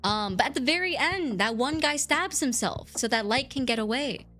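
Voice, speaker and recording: A woman's voice: high-pitched, expressive, moderate pace, bright, forceful tone, faint music behind. A woman streamer chatting casually with her viewers, rambling and giggling as she answers chat.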